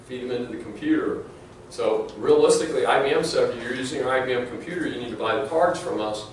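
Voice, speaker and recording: This is a middle-aged man, a law professor, lecturing in a mid-range voice. His classroom talk is casual and anecdotal, peppered with fillers and restarts. Captured from afar in a large, reverberant room, the recording carries a faint hiss.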